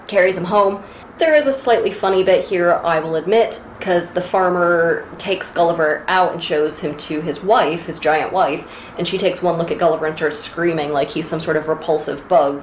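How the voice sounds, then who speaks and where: A woman's voice: on the low side, slight background noise. An American woman co-hosting a podcast in casual chat, ranting with plenty of swearing. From United States. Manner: animated, profane, ranting. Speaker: podcast co-host. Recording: roomy echo.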